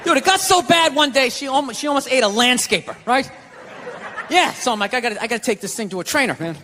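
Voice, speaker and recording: An American man doing a stand-up routine, ranting and breaking into shouted outbursts. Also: extremely high pitch, expressive, fast, a crowd in the background, noisy background. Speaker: stand-up comedian. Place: theater stage. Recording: live venue reverb.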